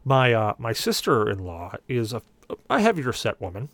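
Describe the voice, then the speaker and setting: With no room sound on the recording, a podcast panelist talks a little fast in a mid-range voice, animatedly telling a long, humorous story and doing the voices of the people in it.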